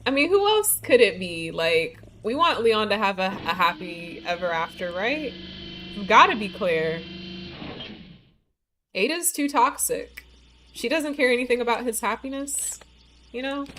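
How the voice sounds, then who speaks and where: A woman's voice: on the high side, expressive, measured pace, bright, forceful tone, slight background noise. A woman streaming a game live, chatting casually with lots of "like" and "you know", her speech a little slurred from a bitten tongue. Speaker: livestream gamer. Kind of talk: casual live-stream chat while playing.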